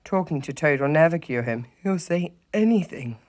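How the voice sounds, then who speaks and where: A teacher reading aloud, voicing a brisk, good-natured male water rat with a lively manner. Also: medium pitch, pitched above the performer's own voice, lightly acted. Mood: scornful. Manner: brisk, lively, a bit scornful. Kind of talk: storybook read-aloud.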